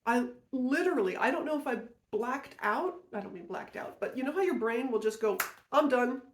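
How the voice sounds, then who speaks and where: A woman's voice: fairly high pitch, expressive, brisk, slight background noise. A woman podcast host telling a personal story in a casual, rambling way, often correcting herself and going off on asides. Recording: roomy echo.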